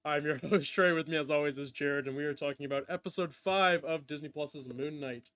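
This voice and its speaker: A man's voice: on the high side, a little fast, fairly bright tone, clean tone. A man hosting a casual podcast, recapping a show with loose asides and frequent laughs. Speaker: podcast host. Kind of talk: casual chat.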